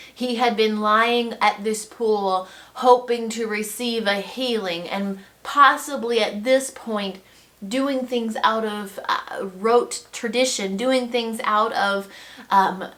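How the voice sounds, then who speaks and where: Woman, devotional Bible teacher; earnest, reflective, very slow, measured delivery. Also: mid-range voice, fairly even intonation, a bit bright.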